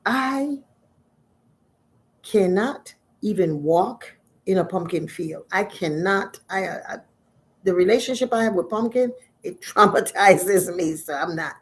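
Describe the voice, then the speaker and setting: A woman's voice: mid-range voice, expressive, slow. A woman voicing a grieving young goddess who is ashamed of her body, talking in a pleading, self-pitying way. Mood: flustered.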